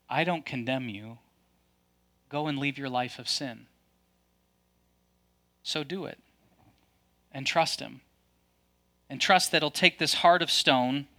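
A man preaching a sermon, his delivery swinging from loud and animated to hushed and slow. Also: medium pitch. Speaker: pastor.

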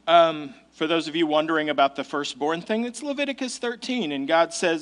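A male pastor delivers a sermon in a conversational tone. His voice sits high, and he stresses key points with casual asides. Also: fairly quick, hardly any pauses, a bit bright.

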